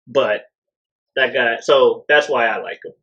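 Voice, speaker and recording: A man co-hosting a wrestling podcast in a casual, ranting style, laughing often and jumping into loud impressions. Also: mid-range voice, unhurried, breathy edge, highs cut off. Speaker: podcast co-host. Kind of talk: casual wrestling recap chat.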